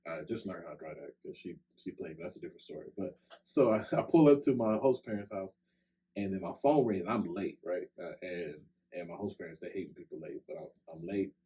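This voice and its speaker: A very low-voiced young man talks into a podcast mic. His storytelling is loose and chatty, with a "like" or a "right?" every few words. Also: animated, a little fast, mellow, rough recording. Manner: loose, conversational, many "like" and "right?" fillers. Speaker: podcast co-host. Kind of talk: casual storytelling chat. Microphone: podcast microphone.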